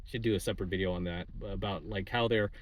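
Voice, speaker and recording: A man's voice: sits low, steady tone, fast. A man hosting his channel, ranting indignantly in casual talk and tagging lines with "right?". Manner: indignant, repeats "right?" and fills with "uh" and "like". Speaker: channel host giving coaching videos. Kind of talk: casual political rant to camera.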